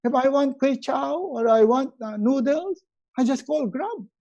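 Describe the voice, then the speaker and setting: Animated motivational coach, warm voice. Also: male voice, very high voice, unhurried, lo-fi sound. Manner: animated, acts out quoted scenes in a raised voice. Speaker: resiliency coach. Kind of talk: live motivational webinar talk.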